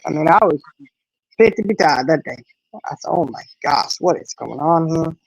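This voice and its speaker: A middle-aged woman, chatting casually and telling a lively story, acting out the voices in it. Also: low voice, normal speed, creaky, husky, dry recording, poor audio. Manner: animated storyteller, acts out quotes. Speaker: host. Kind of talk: casual chat.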